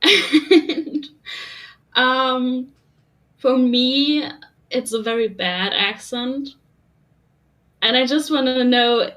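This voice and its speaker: Slow, giggly woman. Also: high voice, fairly bright tone. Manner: unhurried, giggly, self-deprecating. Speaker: podcast panelist. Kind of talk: casual chat.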